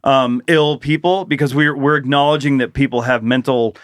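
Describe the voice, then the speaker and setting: A man's voice: medium pitch, fairly even intonation, moderate pace, dry recording, studio quality. A middle-aged man co-hosting a podcast, chatting casually, rambling and swearing freely as he reads emails and riffs. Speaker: podcast co-host. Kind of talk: casual chat.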